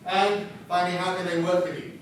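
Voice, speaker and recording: This man, a book publisher running a workshop, gives an instructional presentation on book writing in a high, flat, brisk voice, chatty and self-deprecating. He's recorded from a distance in an echoey room with slight background noise.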